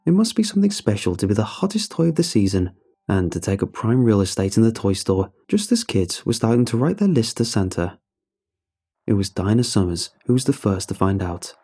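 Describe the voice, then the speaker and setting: A man narrating a scripted horror story in a measured, storytelling manner. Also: lowish voice, sing-song, dark tone, husky.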